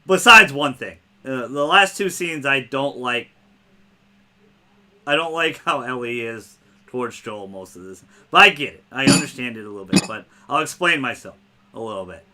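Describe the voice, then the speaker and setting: A man hosting a casual podcast, talking excitedly, swearing freely and retelling scenes by quoting lines. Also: medium pitch, normal speed. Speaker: podcast host.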